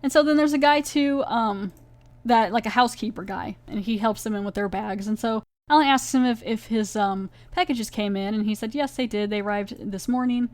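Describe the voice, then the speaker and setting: A woman hosting a podcast, casually recapping a TV episode in a chatty, animated way. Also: fairly high pitch, fairly quick, no room sound. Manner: chatty, animated, retells scenes with quoted voices. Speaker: podcast host reviewing a TV episode.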